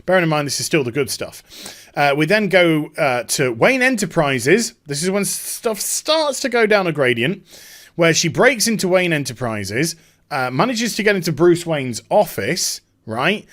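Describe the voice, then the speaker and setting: A man hosting a video commentary, mocking and sarcastic, with casual swearing. His voice swings widely in pitch and is a touch higher than most men's. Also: very animated, normal speed, fairly bright tone. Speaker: YouTube commentator.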